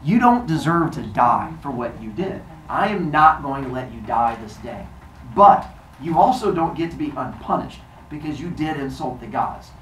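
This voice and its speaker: A man's voice: a little high, roomy sound, a little hiss or hum, rough recording. A man putting on a sassy proud goddess. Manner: sassy and theatrical. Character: proud woman goddess, haughty then sheepish.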